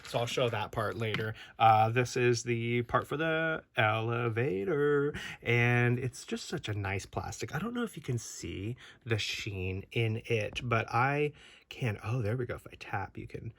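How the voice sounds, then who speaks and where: A man's voice: mid-range voice, lively intonation, a little slow, fairly bright tone. A man rambling casually through a toy unboxing review at home, chatty and full of restarts and asides. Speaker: toy collector vlogger.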